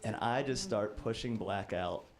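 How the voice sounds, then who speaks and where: A man's voice: on the low side, measured pace, a little hiss or hum. A man in his twenties doing a stand-up comedy set, telling rambling, self-deprecating stories. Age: 20s.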